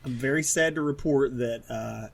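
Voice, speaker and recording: This is a man with a slight Southern accent and a husky, breathy voice at an ordinary pitch. He co-hosts a casual podcast chat, ranting loosely, swearing and laughing a lot. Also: moderate pace. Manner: ranting, profane, laughs often. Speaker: podcast co-host.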